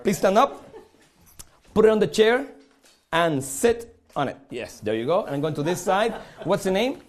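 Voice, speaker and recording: A man with a Puerto Rican accent works a live crowd from a studio stage as a magician. His voice sits a little high and leaps all over as he jokes theatrically with his volunteers. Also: very animated, normal speed. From Puerto Rico. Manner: theatrical, joking with the audience. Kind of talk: live magic show patter.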